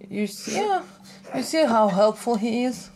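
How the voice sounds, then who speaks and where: A woman's voice: fairly high pitch, very animated, a little slow, noisy background. A woman hosting a casual family vlog, chatty, with slightly non-native phrasing. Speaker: vlog host.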